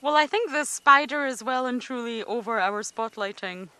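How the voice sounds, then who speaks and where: Bright-voiced female safari guide. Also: a little high, moderate pace, slight background noise, rough recording. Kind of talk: live wildlife commentary. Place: outdoors at night.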